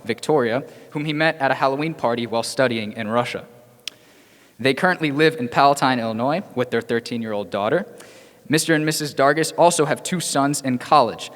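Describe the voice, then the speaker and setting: A man hosting a ceremony, reading a formal, measured introduction of the speaker. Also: mid-range voice, fairly bright tone. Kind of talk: formal introduction read aloud. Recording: long hall reverb.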